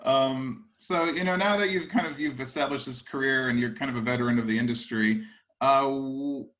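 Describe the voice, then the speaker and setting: A man hosting a casual interview, relaxed and chatty, often laughing along with his guest. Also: medium pitch, normal speed, rough recording. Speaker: interview host.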